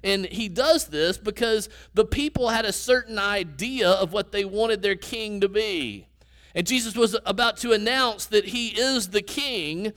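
A man's voice: sits high, a bit bright. A man preaching a sermon in a conversational teaching manner, asking his listeners questions.

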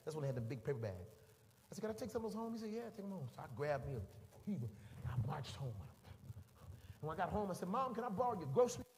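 A middle-aged man preaching, acting out a story with sound effects and voices for each person in it. His voice sits high and swings widely in pitch. The sermon carries through a reverberant hall with faint background ambience. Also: fast, gravelly, pauses often, background noise. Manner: animated storytelling, voices the people in it, makes beeping sounds. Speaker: pastor.

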